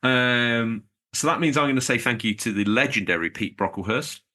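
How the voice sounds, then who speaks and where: A man's voice: medium pitch, animated, normal speed, pushed and bright. A man co-hosting a podcast, chatting in a jokey, rambling way while reading out supporters. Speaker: podcast co-host. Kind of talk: casual podcast chat.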